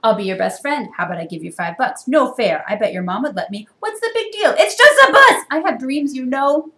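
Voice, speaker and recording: A woman putting on a high-pitched, whiny cartoon pigeon from a picture book who begs and badgers without letup. Its voice jumps up loud and shrill, and the room around it rings with echo. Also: very animated, a little fast, heavily acted. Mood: demanding. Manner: whiny, begging, bursts into loud squawks. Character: pushy pleading male cartoon pigeon. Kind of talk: picture book read-aloud. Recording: echoey room.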